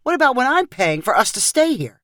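Casting: woman doing an irritated dad, snappish and grumbling, lively in pitch. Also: brisk, no room sound, clean studio sound. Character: frustrated thrifty father, middle-aged man.

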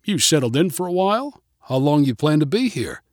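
A man's voice: fairly high pitch, sing-song, a little fast, no echo, studio quality. A man voicing a friendly, chatty middle-aged male neighbor in a storybook reading.

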